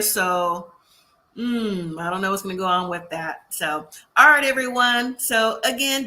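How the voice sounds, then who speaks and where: A woman's voice: medium pitch, bright, forceful tone. A woman host giving a chatty, casual recap of a TV episode. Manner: chatty, acts out quotes of the cast.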